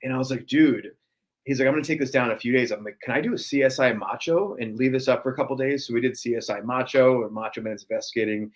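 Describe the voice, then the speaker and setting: A man's voice: mid-range voice, fast, rough recording. Chatty New man telling stories. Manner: chatty storyteller, many fillers. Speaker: podcast guest. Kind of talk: casual podcast conversation.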